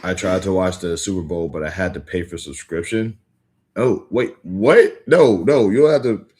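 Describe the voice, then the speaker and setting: A young man chatting casually with viewers on a livestream, rambling with lots of filler words and quick restarts. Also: low-pitched, darkish tone. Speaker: livestream host. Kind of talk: casual live-stream chat with viewers.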